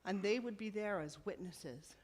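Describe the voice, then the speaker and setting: A middle-aged woman sharing a personal faith testimony with a church congregation, telling her story slowly and from the heart. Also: mid-range voice. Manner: slow, heartfelt storytelling with soft dips.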